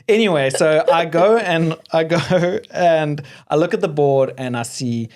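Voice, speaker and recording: Male co-host, South African accent, relaxed self-deprecating storyteller. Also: on the high side, measured pace. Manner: storytelling, self-mocking, laughs often. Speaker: podcast co-host. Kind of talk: casual chat.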